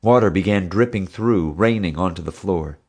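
Low male narrator, steady scripted read. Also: normal speed. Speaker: audiobook narrator.

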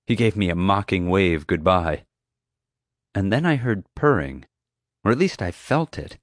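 Low-voiced male audiobook narrator. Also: expressive, unhurried, no room sound, studio quality. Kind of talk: first-person scripted narration.

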